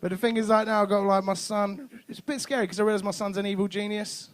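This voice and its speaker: A man in his 30s performs stand-up comedy at a club, talking fast in a high-pitched, fairly even voice. He swears and acts out bits of dialogue by shifting his voice.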